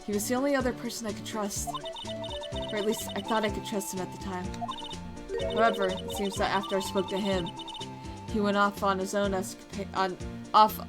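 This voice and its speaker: A guarded, stern female prosecutor, read aloud by a woman at an even middle pitch. The delivery is measured and stumbles now and then over a word. Game music plays clearly underneath. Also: close to an everyday voice. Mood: grave. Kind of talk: reading game dialogue aloud.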